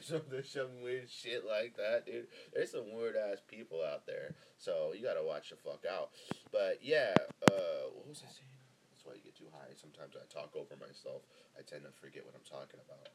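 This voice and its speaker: A young man from Northern California rambles through a solo podcast, laid-back and swearing freely, his voice sitting on the low side. He talks right into a close microphone, with a faint hiss running under the recording. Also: a little fast. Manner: rambling, profane and laid-back, with lots of fillers. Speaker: podcast host. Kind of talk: casual solo podcast monologue.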